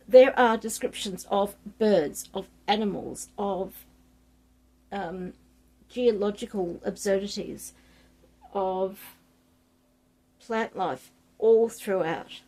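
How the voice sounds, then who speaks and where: A woman's voice: medium pitch, slow pace, pauses often, mellow. A woman vlogging about a book she loves, chatting enthusiastically and reading passages aloud with relish.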